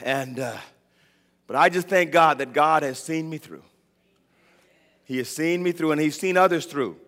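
A man preaching a sermon, telling the story dramatically and building up to shouted points. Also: fairly high pitch, normal speed. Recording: long reverb of a large hall.

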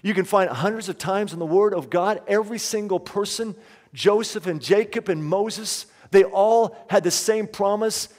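A pastor delivers a sermon emphatically, repeating key lines and leading the congregation in call-and-response. His high-pitched voice has a darkish tone and a moderate pace, and the recording carries the long reverb of a large hall.

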